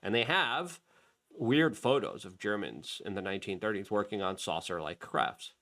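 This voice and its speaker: A man's voice: fairly low pitch, normal speed, fairly bright tone. A middle-aged man hosting a talk show, commenting on a clip with heated, emphatic bursts. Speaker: show host.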